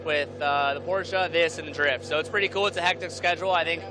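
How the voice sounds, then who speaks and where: A man's voice: on the high side, fairly even intonation, fast, noisy background. A male racing driver answering trackside interview questions in a focused, earnest way. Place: outdoors at a racetrack.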